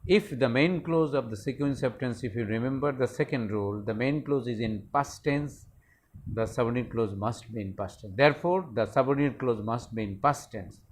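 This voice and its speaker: A man teaching English grammar in a slow, explanatory lesson, often repeating words and phrases as he explains. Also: mid-range voice, slight background noise.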